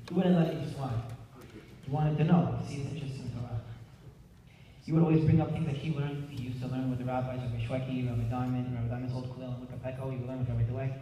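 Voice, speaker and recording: Young man, earnest eulogy delivery, mellow tone, heard from a distance in a large room with long reverb. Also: medium pitch, fairly even intonation, fast talker. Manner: earnest, heartfelt, clears throat often. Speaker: grandson giving a eulogy. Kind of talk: memorial speech. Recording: echoey hall from far off, faint hiss.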